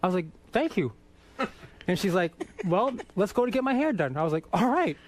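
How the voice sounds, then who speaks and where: A man's voice: high-pitched, big pitch swings, brisk. A man from Boston, a guest singer, telling self-mocking, profane stories and acting out the dialogue. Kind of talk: anecdotal storytelling.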